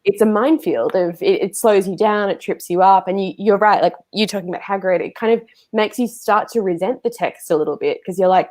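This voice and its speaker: A woman's voice: mid-range voice, a little fast, few pauses, darkish tone. A woman hosting a livestreamed talk, chatty and friendly, heard through a video call mic. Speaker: event host.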